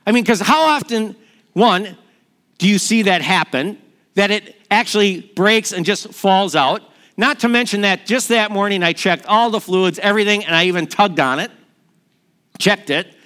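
A middle-aged man preaching a sermon in a lively, story-telling way, acting out the quotes in his stories. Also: high-pitched, clean tone. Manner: storytelling, energetic, acts out quotes. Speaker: pastor.

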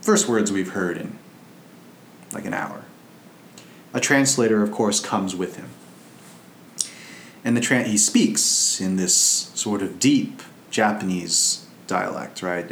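A man's voice: deep voice, a little slow, gravelly, fairly bright tone, roomy sound, a little hiss or hum. A man, a Buddhist monk, giving a casual storytelling Dharma talk in a loose, conversational, anecdotal way.

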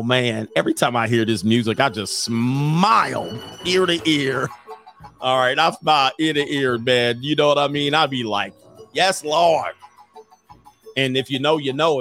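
A man hosting a casual livestream, telling stories with lots of laughter and reading viewer comments aloud. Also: medium pitch. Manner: animated storyteller who laughs often. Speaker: host of a livestream show.

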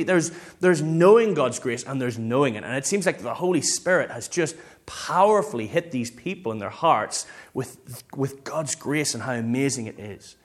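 A man, a pastor preaching a sermon in a lively, conversational way. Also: mid-range voice, moderate pace.

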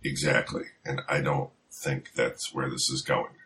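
A man co-hosting a casual comic book chat, husky-voiced with wry, joking asides. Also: very deep voice, flat delivery, a little slow, bright, forceful tone, slight background noise. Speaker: podcast co-host.

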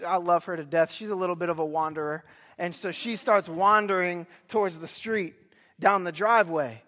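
Young man preaching; high, lively storyteller with shouted emphasis, recorded in a big echoing hall. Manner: animated storytelling, bursts of loud emphasis. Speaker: pastor. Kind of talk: sermon.

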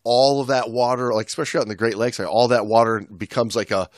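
A man co-hosting a casual podcast, talking as a dive instructor. His voice sits at a middle pitch, and he rambles with frequent restarts. The sound is close and dry. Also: steady tone, fast talker, dry recording. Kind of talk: casual chat.

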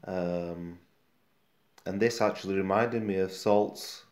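A man's voice: low voice, slow pace. Chatty Yorkshire man in a roomy space. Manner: relaxed and chatty, with trailing fillers. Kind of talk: casual chat about comics. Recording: roomy echo.

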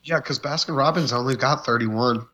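A man's voice: mid-range voice, normal speed, sharp tone. Man co-hosting a podcast, early thirties, playful, casual swearing, dull lo-fi sound. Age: 30s. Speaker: podcast co-host.

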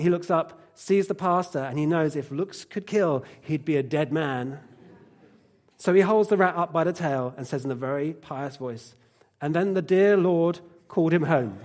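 Male preacher, high voice, lively sermon delivery with repeated punchlines. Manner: animated storytelling, emphatic repetition.

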